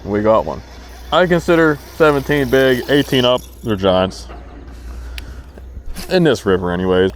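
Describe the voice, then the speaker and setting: Man on a river boat, mid-pitched, excitable fishing vlogger chatter over faint background noise. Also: measured pace, long pauses. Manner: excited, talks to the fish. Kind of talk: casual narration while fishing.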